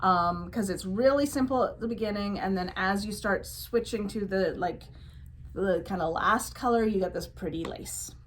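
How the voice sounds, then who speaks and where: A woman's voice: mid-range voice, normal speed, fairly bright tone, slight background noise, rough recording. A woman co-hosting a knitting podcast, talking in a playful, rambling way. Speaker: podcast co-host. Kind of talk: casual chat.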